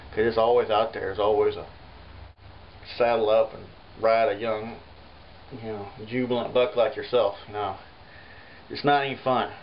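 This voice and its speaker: A folk artist, rambling through a comic monologue full of "you know.". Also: male voice, medium pitch. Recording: muffled home recording with faint hiss.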